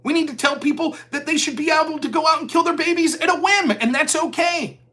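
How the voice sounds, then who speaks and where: A man's voice: extremely high pitch, brisk, sharp tone. A man hosting a political commentary live stream, reading viewer donations and mocking opponents sarcastically. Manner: sarcastic, mocking, mimics opponents in put-on voices. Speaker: political commentary show host.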